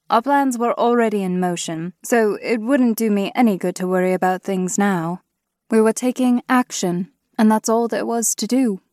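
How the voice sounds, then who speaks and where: Woman reading a fantasy audiobook, steady pace, dry close mic. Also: medium pitch, dry recording. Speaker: audiobook narrator. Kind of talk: first-person fantasy audiobook narration.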